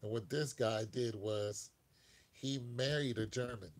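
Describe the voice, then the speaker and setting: A man's voice: medium pitch, a little slow. Laughing man in a rambling live chat. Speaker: live-stream host.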